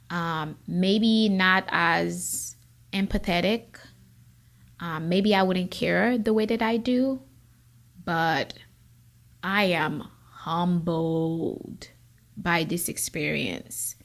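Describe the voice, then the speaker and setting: A woman's voice: on the low side, fairly bright tone. A woman attorney hosting her own show, giving an earnest personal testimony and sometimes close to tears. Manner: emotional, near tears at times; earnest, encouraging. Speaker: podcast host, immigration attorney.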